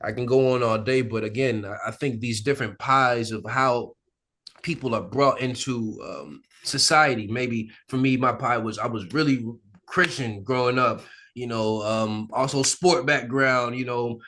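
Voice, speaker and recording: A male actor as an interview guest, telling candid stories in a relaxed, animated way, often laughing and acting out the people he quotes. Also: medium pitch, unhurried. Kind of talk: candid conversational storytelling. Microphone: sit-down interview mic.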